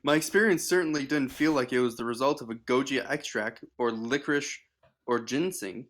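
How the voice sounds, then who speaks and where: A man's voice: medium pitch, a little fast, fairly bright tone. A man reading an article aloud on a casual livestream, stumbling with fillers and restarts.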